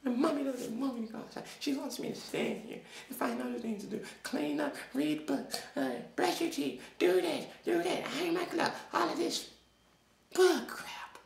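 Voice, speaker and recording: A woman's voice: sits high, normal speed, vocal fry. A woman acting as a restless little kid stuck indoors, chattering in a childish sing-song and whining. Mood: playful. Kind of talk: comedic character vlog. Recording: echoey room, distant mic, faint noise.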